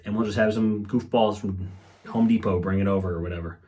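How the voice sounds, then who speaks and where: A man's voice: fairly low pitch, fairly even intonation, fairly quick, darkish tone, soft background music. A young man hosting a comedy podcast, rambling through a profane monologue and acting out quotes in mocking voices. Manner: swears a lot, acts out quotes in raised mocking voices.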